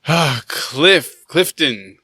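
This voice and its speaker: A man hosting a podcast interview, talking haltingly and searching for his words. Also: on the high side, lively intonation, bright, forceful tone, husky, no echo. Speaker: podcast host. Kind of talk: casual interview chat.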